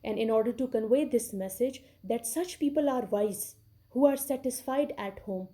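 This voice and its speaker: A woman's voice: a little high, normal speed, mellow. A woman giving a recorded English literature lecture, who explains patiently, repeats key words and often checks in with "okay".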